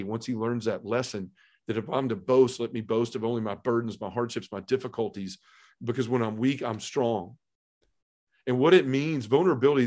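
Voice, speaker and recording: A middle-aged man earnestly telling his personal testimony in conversation, acting out the voices he quotes and dropping to a hush at emotional moments. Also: mid-range voice.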